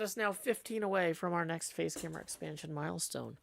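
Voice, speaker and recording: Guy with a gravelly voice streaming a game, humming and muttering to himself, dry little jokes. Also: a little high, fairly quick, few pauses, a little hiss or hum. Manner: hums and mutters to himself, dry joking asides. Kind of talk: casual livestream chat while playing.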